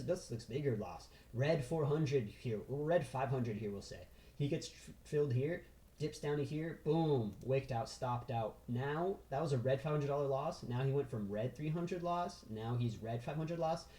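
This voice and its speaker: Excitable man explaining trades, roomy echo. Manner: excitable, repeats "right?" and "boom" constantly. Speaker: trading instructor. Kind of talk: casual chart walkthrough.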